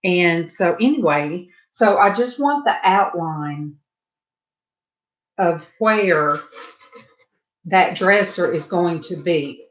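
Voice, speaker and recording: This painting livestream host, a middle-aged Southern US woman, chats and rambles casually with viewers, adding asides along the way. She speaks in a lowish, expressive voice, taking it slowly and pausing often, and the audio is muffled.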